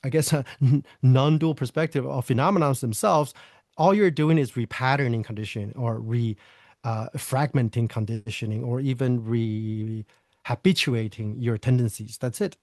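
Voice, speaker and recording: A man speaks in a dry, close recording with a middle-pitched voice, musing through ideas on inner work. He thinks aloud, restarting sentences, asking himself rhetorical questions and slipping in small laughs as he goes. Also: moderate pace, a little mellow, dry recording. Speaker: guest teacher on nonduality. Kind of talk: reflective spiritual conversation.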